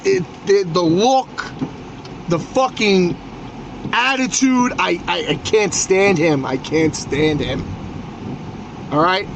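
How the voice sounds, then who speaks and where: Male New podcast host, high voice, hot-headed profane sports rant, stammering restarts, noisy background.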